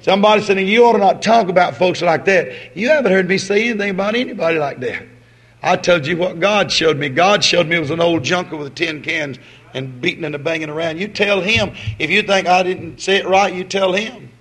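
Preacher, male, fairly high-pitched, folksy, alternates booming calls and soft asides. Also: fairly quick, husky. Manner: folksy, swinging from loud exhortation to quiet asides. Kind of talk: sermon.

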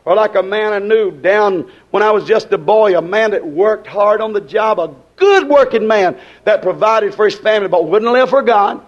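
A man preaching a sermon, swinging between loud rising lines and low quiet ones and repeating his phrases. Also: normal speed, hardly any pauses, muffled recording. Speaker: pastor.

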